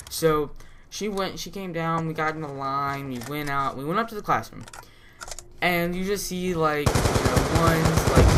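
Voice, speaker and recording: A man's voice: fairly high pitch, heavy background noise. A teenage boy hosting a gaming channel, telling a school story in a casual, rambling way with lots of fillers and restarts. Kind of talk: casual storytelling over gameplay. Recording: loud game gunfire behind the voice. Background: loud video game gunfire and shooting.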